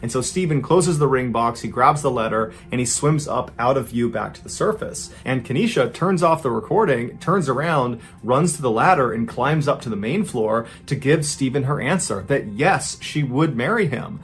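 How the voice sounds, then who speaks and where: A man with a gravelly, fry-laced voice tells a true story as a podcast host, close to a studio mic. He builds tension as he goes, rising in pitch and pushing the pace when things turn dire. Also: lively intonation. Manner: builds tension, voice rising and quickening in tense moments. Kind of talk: dramatic storytelling narration.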